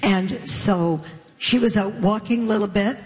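A woman comedian on a live panel, telling an animated story and laughing as she goes. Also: mid-range voice, a little slow. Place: large hall with a live audience. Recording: long hall reverb.

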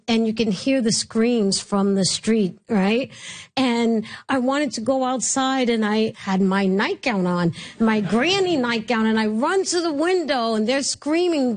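A middle-aged woman with a New York accent chats on a podcast, her voice a touch higher than most. She tells her stories with energy and puts on voices for the people in them. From New York City. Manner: animated storyteller acting out voices. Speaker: podcast host. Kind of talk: casual chat.

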